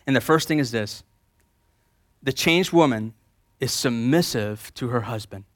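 A male pastor preaching a sermon, swinging between loud emphasis and quiet repetition and leading the congregation in call-and-response. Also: medium pitch, expressive, unhurried, no echo, clean studio sound.

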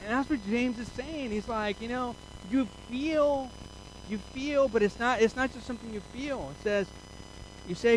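Male preacher, high voice, lively storytelling sermon, faint background hum. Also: moderate pace, poor audio. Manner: animated storytelling, acts out his own inner voice. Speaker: pastor.

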